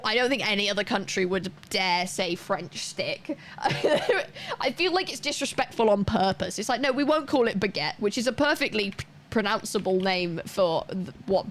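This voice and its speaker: A woman streaming a game and talking as she plays. She rambles in a chatty way, full of fillers and restarts. Her voice sits at a mid pitch with a faint hum of ambience behind it. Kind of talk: casual chat while gaming.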